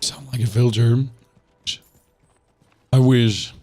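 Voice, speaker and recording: A man's voice: mid-range voice, steady tone, unhurried, dark tone, no room sound. A man who has lost his voice, chatting casually to viewers while streaming a game, rambling and asking them rhetorical questions. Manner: rambling, repeats himself, asks chat rhetorical questions.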